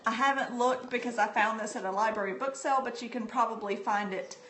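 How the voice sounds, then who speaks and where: A woman's voice: fairly high pitch, a little fast, a bit bright, a little hiss or hum. Chatty middle-aged woman, echoey room. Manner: chatty and heartfelt, with frequent ums. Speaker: livestream host sharing books. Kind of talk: casual live-stream book talk. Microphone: phone. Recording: echoey room, phone mic.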